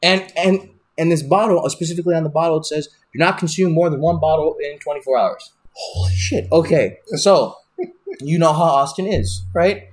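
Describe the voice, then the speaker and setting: A young man, a wrestler on a podcast, telling a road story in a profane, animated, rambling way with lots of restarts. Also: a little high, brisk. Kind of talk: casual storytelling.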